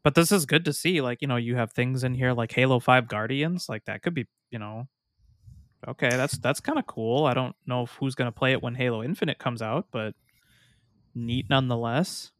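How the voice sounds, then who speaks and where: A man's voice: medium pitch, moderate pace, no room sound. A man co-hosting a casual gaming podcast, chatty and telling anecdotes. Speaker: podcast co-host. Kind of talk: casual chat.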